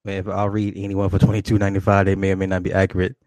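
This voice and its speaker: Male streamer, casual and profane, fields chat questions; lower voice, dry close recording. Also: very fast, no echo. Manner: loose, profane, rambling, answers chat questions aloud; animated, jumps up in pitch when greeting viewers. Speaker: livestream host reading chat.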